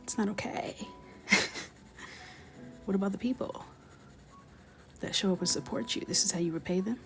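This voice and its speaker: A woman in her thirties chatting casually and jokingly while coloring on a livestream, often dropping into soft whispers. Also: mid-range voice, normal speed, faint music behind.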